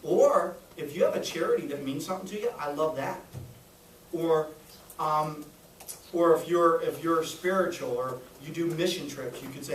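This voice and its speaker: A man's voice: on the high side, moderate pace, a little hiss or hum. A man giving a live sales training talk to a small audience in a room, upbeat and coaching, often checking if the room is following. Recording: echoey room, voice a little far.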